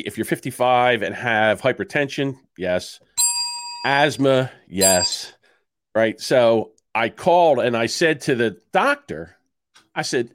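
A man's voice: mid-range voice, dry recording. A man in his sixties co-hosting a podcast, telling a story in casual chat, swearing and acting out both sides of his phone calls. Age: 60s. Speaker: podcast co-host.

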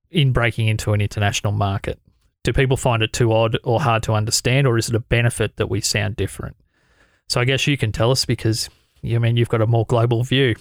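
An Australian man hosts a podcast in an easygoing, chatty way, putting listener questions to his guest. His voice sits at a middle pitch and is recorded close and dry, with no room sound. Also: dry recording. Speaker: podcast host. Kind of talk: conversational interview.

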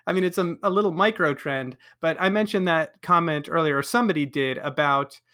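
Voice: medium pitch, fairly quick, fairly bright tone. A podcast host in a casual group chat, laughing often while leading the discussion.

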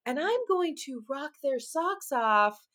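Bright, high-voiced woman ranting frankly. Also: slow pace. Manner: animated, ranting, frank with swearing. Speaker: podcast guest. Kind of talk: casual conversational chat.

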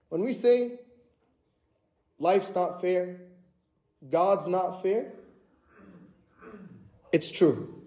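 Male preacher, high and mellow voice, earnest repetitive sermon delivery, echoey church.

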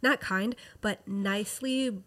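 A woman's voice: medium pitch, slow pace, fairly bright tone. A woman in a casual chat, supportive and chatty with her co-host.

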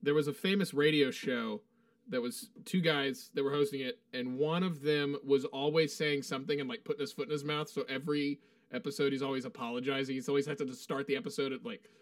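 A man's voice: mid-range voice, fairly even intonation, a little fast, no room sound, clean studio sound. A man hosting a podcast in casual chat, rambling and telling jokes. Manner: joking, rambling storyteller. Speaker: podcast host.

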